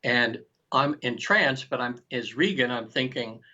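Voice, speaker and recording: An animated man in his sixties, guesting on an interview show, tells a long personal story. His voice is bright and edged. He jumps into quoted lines and restarts his thoughts, and the recording sounds muffled and lo-fi. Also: medium pitch, moderate pace. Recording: dull lo-fi recording.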